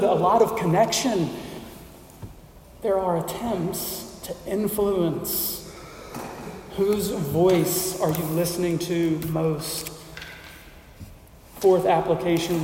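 A man preaching a sermon as a pastor, in measured phrases with deliberate pauses and emphatic lists. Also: sits high, mellow, a little hiss or hum. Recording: roomy hall reverb, mic at a distance.

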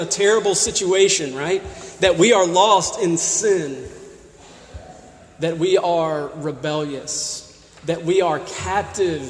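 A male pastor preaching a sermon, pressing his listeners with repeated rhetorical questions. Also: sits high. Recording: echoey hall with long reverb.

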